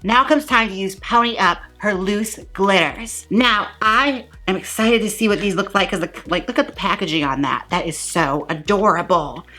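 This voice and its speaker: A woman's voice: medium pitch, normal speed, hardly any pauses, bright, forceful tone, faint music behind. A woman hosting a comedic makeup review vlog in a playful, mock-dramatic, gushing way. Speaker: beauty vlogger.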